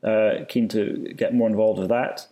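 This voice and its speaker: Hesitant man, relaxed interview guest. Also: lowish voice, unhurried. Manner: hesitant, relaxed, many fillers. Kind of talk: casual interview answer.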